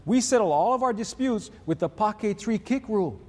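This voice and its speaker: A man's voice: sits high, expressive, brisk, darkish tone, a little hiss or hum. A preacher voicing a testy, territorial neighbor man in a joke, told in a reverberant hall. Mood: smug. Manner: indignant, protective of his yard.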